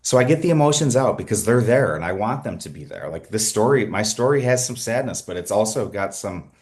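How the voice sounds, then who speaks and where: A middle-aged man guesting on a podcast, telling his story in an earnest, energetic way, often restarting his sentences. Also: fairly low pitch, brisk. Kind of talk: conversational interview storytelling.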